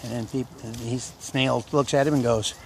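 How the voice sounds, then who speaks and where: A man of middling pitch rambles and cracks folksy jokes while out on a hike. He talks into a handheld camera outdoors, with faint noise from the open air behind him. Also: steady tone, moderate pace, creaky, a little mellow. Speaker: hiking vlogger. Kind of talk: casual joke-telling vlog. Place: outdoors in the woods and country roads.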